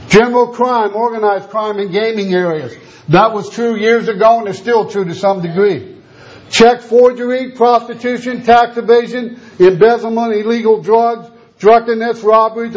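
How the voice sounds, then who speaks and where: A man's voice: very high-pitched, a little mellow. A man preaching a sermon, telling a story and acting out the voices of the people in it. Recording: dull lo-fi sound.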